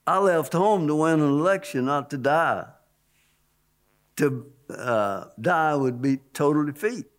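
A man's voice: on the high side, lively intonation, unhurried. A man giving a spoken religious testimony, emphatic, repeating key words and pushing his voice up on stressed points. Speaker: testimony speaker.

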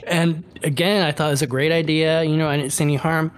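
A man's voice: fairly high pitch, steady tone, fast. A man in a casual chat, recalling events in a hesitant, hedging way. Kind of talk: casual conversation.

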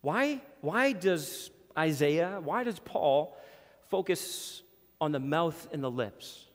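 A man preaching a sermon in a church hall with a screen behind him, earnest and emphatic, slowing down to read scripture. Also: fairly high pitch. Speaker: pastor.

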